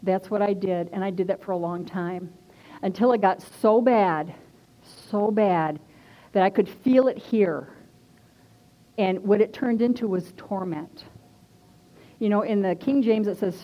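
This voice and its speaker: A woman's voice: mid-range voice, unhurried. A woman minister giving a personal testimony in a sermon, earnest and conversational, stressing points by repeating them. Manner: earnest and conversational, emphatic repetition. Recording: dull lo-fi recording.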